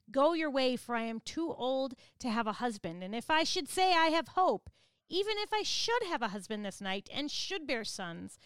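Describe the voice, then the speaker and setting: A woman's voice: high-pitched, fairly bright tone, smooth, no echo, studio quality. A woman voicing a bitter, grieving older widow who pleads emphatically with her daughters-in-law.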